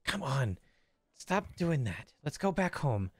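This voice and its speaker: Tabletop game: man voicing an exhausted teenage brother, weary, apologetic, slightly raised pitch. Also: big pitch swings, slow, husky, dry recording, exaggerated voice. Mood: exasperated. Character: tired exasperated teenage older brother.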